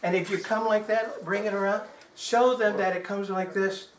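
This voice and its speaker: A man's voice: high voice, steady tone, moderate pace. A man from Texas doing chatty, joking stage patter as a magician, often asking his audience questions. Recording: roomy live hall sound.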